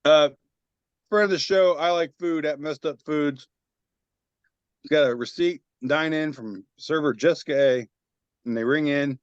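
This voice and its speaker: A laid-back man hosts a podcast and reads memes with swearing, deadpan asides, his voice sitting a touch high. The audio is muffled and lo-fi but dry. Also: measured pace, pauses often, clean tone, no echo. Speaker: podcast host. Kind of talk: casual chat reading memes aloud.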